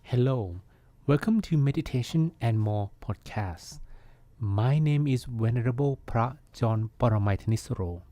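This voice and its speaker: A man, a Buddhist monk, hosting a podcast and giving a calm, reflective meditation talk. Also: mid-range voice, moderate pace, no echo.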